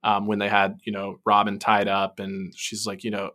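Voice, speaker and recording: A low-pitched man with a bright, forceful tone co-hosts a casual podcast. He talks animatedly and laughs often. His voice sits lower than most, with a crisp edge. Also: completely flat delivery, normal speed. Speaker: podcast co-host.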